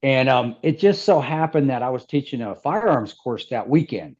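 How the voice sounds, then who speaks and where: A man's voice: mid-range voice, lively intonation, moderate pace, a little mellow, highs cut off. A middle-aged man from the American Midwest, telling a story as an interview guest, rambling with restarts and laughter. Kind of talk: casual storytelling.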